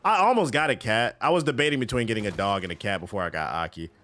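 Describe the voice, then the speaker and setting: Animated, swearing male streamer. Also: on the low side, fast. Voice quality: profane, loose and animated. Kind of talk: casual chat while gaming on stream.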